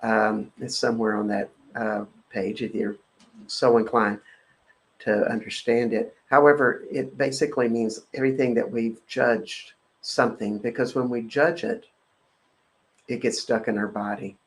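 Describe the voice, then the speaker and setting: A man leads a guided energy-clearing session as host of his own show. He speaks in a halting, filler-heavy way. He keeps returning to a repeated chant-like phrase, in a middle-pitched voice. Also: steady tone, low-quality recording.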